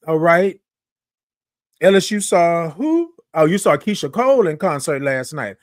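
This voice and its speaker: A man's voice: fairly high pitch, big pitch swings, measured pace, dry recording, clean studio sound. A man hosting a casual morning livestream, chatty and upbeat, greeting viewers by name and stretching out his good mornings. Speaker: livestream host. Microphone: microphone close to face.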